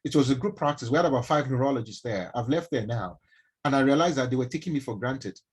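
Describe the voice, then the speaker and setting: Husky Nigerian man, animated talk. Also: medium pitch, quick pace, poor audio. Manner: animated storyteller, asks the listeners questions. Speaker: mentor speaking to young people. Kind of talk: motivational talk on a live stream.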